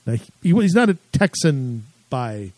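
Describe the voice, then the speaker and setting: Chatty rambling man with lively pitch. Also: a little slow, no echo, poor audio. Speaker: co-host. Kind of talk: casual political talk.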